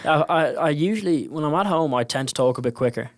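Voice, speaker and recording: A man's voice: a little high, expressive, fast, no room sound. Man in his 20s, South Dublin Irish accent, rambling storyteller, dry close sound. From Ireland. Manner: rambling storyteller with many restarts. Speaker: guest. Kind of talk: casual chat.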